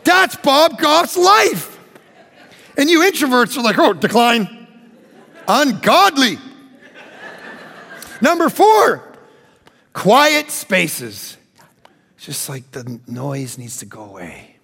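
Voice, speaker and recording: High, gravelly, animated preacher man. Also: slow, long pauses, in a large hall. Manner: animated, joking, acts out dialogue. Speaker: pastor. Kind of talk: sermon.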